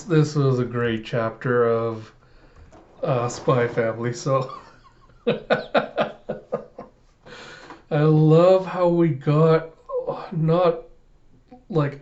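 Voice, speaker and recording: A young man hosts a casual reaction video, chatting in a voice on the high side and a little mellow. He chuckles often and fills pauses with lots of uhs, and the lo-fi audio is slightly muffled.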